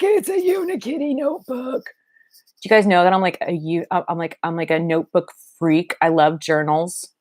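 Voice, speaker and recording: A middle-aged woman talking casually on a livestream, rambling and halting, with many fillers and restarts. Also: mid-range voice. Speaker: doll vlogger and parent. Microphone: livestream webcam mic.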